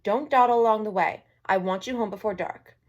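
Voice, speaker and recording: A woman's voice: mid-range voice, brisk, natural voice. A woman voicing a caring, firm mother in a storybook read-aloud. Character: caring mother of a little girl.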